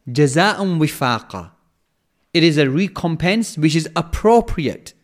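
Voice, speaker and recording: A man giving an explanatory religious lecture, speaking in a measured way, repeating phrases for emphasis and reciting verses in Arabic. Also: a little high. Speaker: Quran lecturer.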